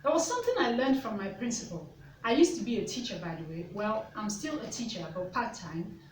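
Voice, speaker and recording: A woman's voice: medium pitch, sing-song, fairly quick, slight background noise. A woman, a mother and part-time teacher, telling stories to camera in an earnest way and asking the viewer repeated questions. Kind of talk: reflective storytelling to camera. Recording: roomy, distant mic with faint ambience.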